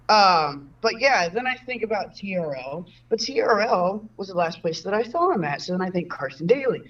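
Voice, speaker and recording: A woman's voice: medium pitch, animated, normal speed, distant mic, dull audio. A woman doing a stand-up comedy set from home over a video call, in a rambling, self-interrupting way. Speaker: stand-up comic. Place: home room.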